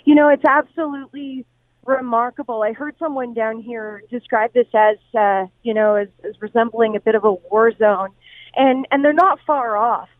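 A woman news reporter on the scene, talking in a halting way, repeating words and restarting sentences over the phone. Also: a little high, steady tone, no echo. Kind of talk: live phone interview. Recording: tinny dry phone line.

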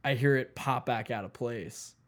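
A man's voice: mid-range voice, normal speed. Midwest guy cohosting a podcast, rambly and self-deprecating, laughs a lot, talking in a blanket-covered spare room. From Midwest United States. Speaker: podcast co-host. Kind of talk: casual podcast chat. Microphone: headphones and studio mic, remote setup.

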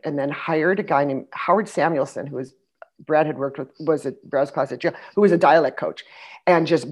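A middle-aged woman telling stories in a casual conversation, animated, acting out the people she quotes and dropping into soft asides. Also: sits low, fairly quick, breathy edge. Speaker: podcast guest, actress.

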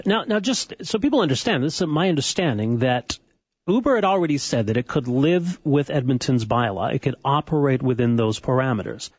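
A man co-hosting a radio talk show, explaining a local issue in a measured way from a studio. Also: mid-range voice, slightly rough, dry recording.

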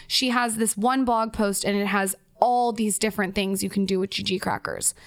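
A woman's voice: medium pitch, steady tone, normal speed, no room sound. A woman co-hosting a podcast, chatty, upbeat and teasing in casual talk. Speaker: podcast co-host. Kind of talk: casual chat.

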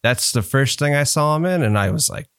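A man's voice: a little high, expressive, brisk, a bit bright, smooth, no echo, clean studio sound. A man appearing as a podcast guest in casual chat, offering film trivia in a knowledgeable, matter-of-fact way with small hesitations.

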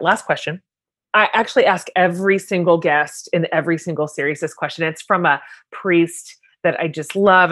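A woman hosting a podcast interview, asking questions in a chatty, enthusiastic way. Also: fairly low pitch. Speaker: podcast host. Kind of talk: casual interview.

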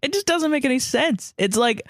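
A woman's voice: high-pitched, lively intonation, normal speed, dry recording. A woman co-hosting a podcast in casual chat, dry and sardonic, swearing casually. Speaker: podcast co-host.

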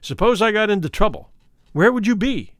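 A man voicing a smooth, worldly and ruthless male doctor who talks in a coolly persuasive, condescending way. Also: high-pitched, expressive, a little fast, no echo, clean studio sound, voice pushed up.

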